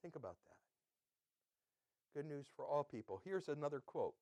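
Chatty higher-voiced man preaching a sermon. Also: big pitch swings, measured pace, pauses often, darkish tone, no room sound, clean studio sound. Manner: conversational, quizzing listeners with quotes. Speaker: pastor.

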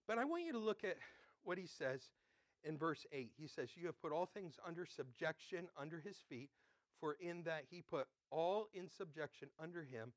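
A man preaching a sermon, animated and playful, acting out children shouting on a playground before reading scripture. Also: a little high, no room sound. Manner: animated, acts out playground kids with shouted bits. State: out of breath. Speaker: pastor.

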